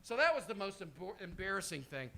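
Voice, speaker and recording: A man's voice: high-pitched, big pitch swings, fairly quick, pushed and bright. A man in his fifties doing rambling, profane, self-deprecating stand-up storytelling. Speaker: comedian.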